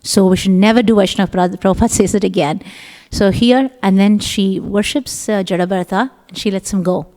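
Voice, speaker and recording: A middle-aged woman giving a scripture class, telling the story in an animated way and acting out the voices of its characters. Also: medium pitch, brisk. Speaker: class speaker. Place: temple hall. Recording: long hall reverb.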